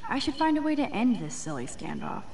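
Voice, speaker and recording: A wry young student. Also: female voice, a little high, big pitch swings, fairly quick, gravelly, a little mellow, a little hiss or hum. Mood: musing. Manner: musing inner monologue. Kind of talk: video game voice acting.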